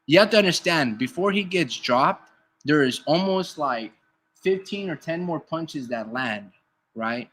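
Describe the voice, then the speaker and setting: Male streamer, crisp bright tone, profane and combative, answers chat comments out loud. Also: on the high side, lively intonation, measured pace. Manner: heated, profane, argues with chat; reads chat comments aloud and answers them. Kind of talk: casual live-stream commentary.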